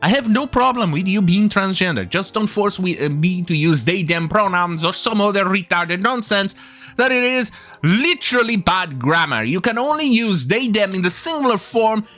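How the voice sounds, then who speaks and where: A man's voice: high-pitched, animated, normal speed, pushed and bright, faint music behind. A man hosting a commentary video, ranting with heavy swearing and scorn, often stumbling and restarting his sentences. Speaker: commentary channel host.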